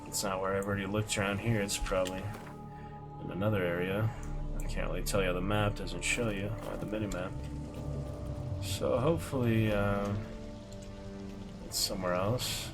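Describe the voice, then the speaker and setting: A man's voice: lowish voice, steady tone, moderate pace, long pauses. A man streaming a video game, chatting easily and rambling with little chuckles. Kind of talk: casual gameplay commentary. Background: game music.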